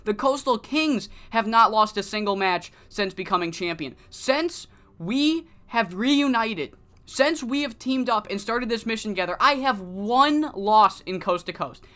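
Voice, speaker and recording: A man's voice: sits high, lively intonation, measured pace, sharp tone, heavily acted. A woman voicing an arrogant male wrestling champion who brushes off doubts. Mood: boastful. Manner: boastful, brusque.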